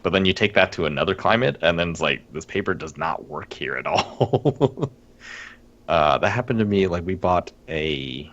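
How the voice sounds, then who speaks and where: A man's voice: low voice, animated, moderate pace, a bit bright. A man co-hosting a casual gaming podcast, rambling wryly and laughing often. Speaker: podcast co-host. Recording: dull lo-fi stream audio.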